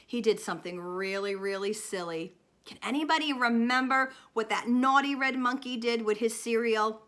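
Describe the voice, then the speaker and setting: A woman speech teacher reviewing a storybook with young children. She speaks in an animated, sing-song way, gasping and pausing for their answers. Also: a little high.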